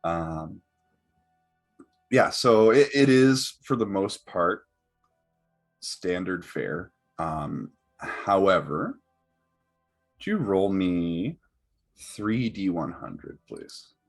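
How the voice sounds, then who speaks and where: Deep husky-voiced male game master. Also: sing-song, very slow, pauses often, faint music behind. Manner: hesitant, lots of fillers and restarts. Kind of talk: narrating a tabletop game.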